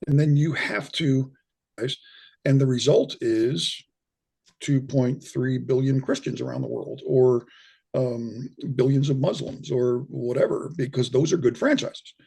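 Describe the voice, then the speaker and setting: A man's voice: medium pitch, measured pace, creaky, a little mellow, slightly rough. A middle-aged man, a guest in an interview, explaining his views in a conversational way with frequent restarts and repeated words. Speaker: guest, near-death experience researcher. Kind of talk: casual interview talk.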